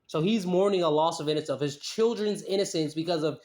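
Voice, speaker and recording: Brief: man, high voice, skeptical commentator who repeats himself while picking apart a statement. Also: fast talker, a little mellow. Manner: repeats phrases, skeptical and mocking. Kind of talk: casual commentary reading a statement aloud.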